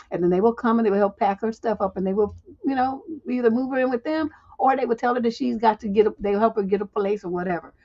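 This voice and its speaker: A woman's voice: fairly high pitch, darkish tone. A woman hosting a livestream relationship advice show, giving blunt, profane advice with chatty, laughing asides. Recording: dull lo-fi stream audio.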